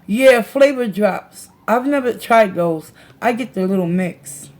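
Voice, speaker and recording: A woman's voice: mid-range voice, animated, measured pace, a little mellow. A woman hosting a casual livestream, chatting with viewers in a slangy, laughing way and reading their comments aloud. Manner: slangy, laughs a lot, talks to chat. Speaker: tarot reader and livestream host.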